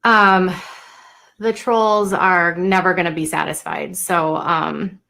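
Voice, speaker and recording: A young woman talking unscripted to her live-stream viewers, halting and emotional, with many fillers and restarts. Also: lowish voice, fairly even intonation, gravelly, bright, forceful tone.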